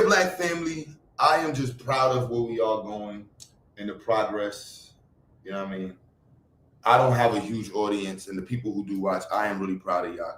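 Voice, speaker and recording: A man's voice: recorded from a distance, slight background noise. Rambling guy, echoey room. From Brooklyn, New York. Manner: rambling, swings from loud outbursts to low mutters. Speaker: livestream host. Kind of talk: casual livestream chat. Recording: echoey room, away from the mic.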